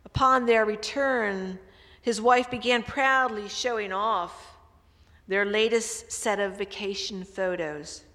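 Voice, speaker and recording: Slow-speaking woman pastor in an echoey church. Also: mid-range voice. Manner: storytelling, swelling louder for emphasis. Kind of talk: sermon.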